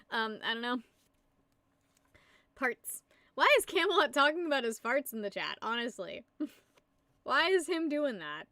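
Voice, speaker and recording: A woman's voice: high voice, a bit bright, dry recording. A young woman from the United States chatting casually on a live stream, giggling and rambling as she answers her chat. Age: young adult. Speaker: livestreamer.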